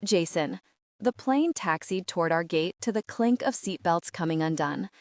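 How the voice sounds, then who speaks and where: A woman narrating a first-person romance audiobook in a steady, even voice, read close to the mic. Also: fairly low pitch, moderate pace, no echo.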